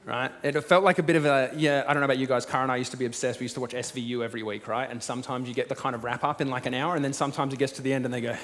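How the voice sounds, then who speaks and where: A man's voice: medium pitch, fairly even intonation, very fast, few pauses. Man preaching casually in a reverberant hall. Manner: casual storytelling with dramatic swings from loud to hushed. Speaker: pastor. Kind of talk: sermon. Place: church auditorium.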